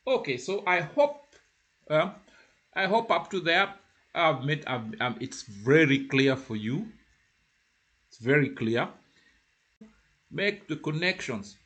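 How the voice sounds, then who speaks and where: A man teaching beginner French, explaining in a halting way with many repeats, and slowing down to model phrases for the listener to repeat. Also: a little high, big pitch swings, a bit bright. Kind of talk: informal spoken lesson.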